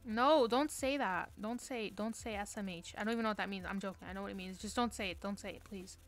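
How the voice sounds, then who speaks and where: A woman's voice: medium pitch, fast, faint music behind. A woman streaming a game from her bedroom, chatting playfully with mock-dramatic pleading and jokes. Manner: playful, melodramatic pleading and joking. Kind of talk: live gameplay stream chat.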